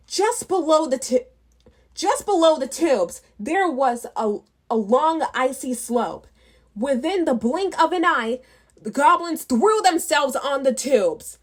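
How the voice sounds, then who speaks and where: A woman reading a children's storybook aloud, unhurried, with small restarts. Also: sits high. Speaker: children's book reader.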